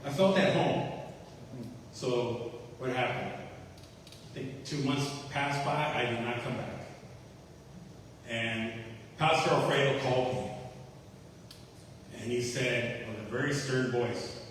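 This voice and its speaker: A man's voice: medium pitch, slow, long pauses. A man giving an earnest personal testimony at a church recovery meeting. He repeats key phrases and acts out the conversations he recalls. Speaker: testimony speaker at a faith-based recovery meeting. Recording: echoey hall, distant mic, faint hiss.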